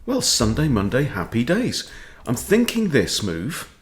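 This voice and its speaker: A man's voice: medium pitch, wildly swooping pitch, unhurried. A man, a chess coach, commenting on his own game as he plays, thinking aloud and tossing in playful quips.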